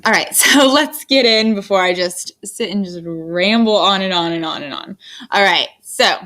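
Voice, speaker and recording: Woman teacher talking through a history lecture, kinda monotone, lots of ums and restarts, mid pitch. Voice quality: monotone delivery. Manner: unhurried, with frequent fillers and restarts. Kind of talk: recorded classroom lecture. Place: indoors, screen-recorded lecture.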